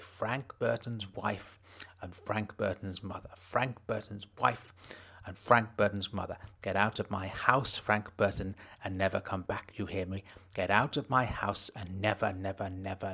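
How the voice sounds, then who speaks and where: A man reading an audiobook, voicing a bitter, resentful middle-aged mother in a flat, cutting, quiet voice. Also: lowish voice, creaky, breathy edge, heavily acted. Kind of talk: audiobook narration.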